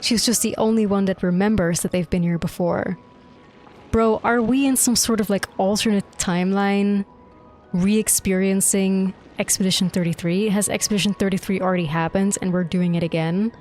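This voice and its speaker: A young woman streamer reacting live to a game, excitable and gushing, swearing freely. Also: medium pitch, moderate pace, slight background noise. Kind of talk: live gameplay reaction commentary. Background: faint game music.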